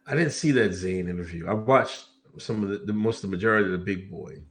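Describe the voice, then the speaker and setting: A man co-hosting a casual podcast, reading shout-outs and laughing often in a hyped way. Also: lowish voice, fairly quick. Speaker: podcast co-host.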